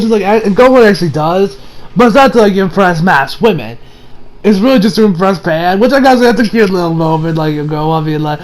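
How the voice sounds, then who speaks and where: A man with a high-pitched voice talks through an anime episode in loose, casual review style. He swears freely and drops into exaggerated character voices, jumping between hushed asides and loud, laughing bursts. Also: brisk. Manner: animated, acts out characters with big voice swings and frequent laughter; swears freely, many fillers.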